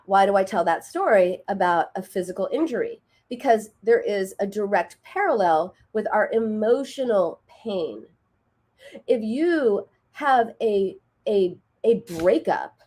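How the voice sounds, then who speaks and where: A woman's voice: medium pitch, animated, a little slow, darkish tone. A middle-aged woman hosting a radio advice show, explaining patiently and acting out quoted dialogue. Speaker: radio show host and therapist.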